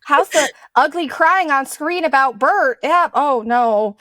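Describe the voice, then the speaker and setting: A woman hosting a podcast in casual chat, playful and animated, often laughing, casually swearing and acting out other people's lines. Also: high voice, a little slow, no room sound, clean studio sound. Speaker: podcast host.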